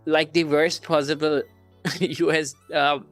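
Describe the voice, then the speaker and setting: Young woman, casual study-stream chat, swears, laughs a lot, quiet music under her. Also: sits low, flat delivery, slow pace, no room sound. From India. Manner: reads questions aloud, swears casually, laughs often.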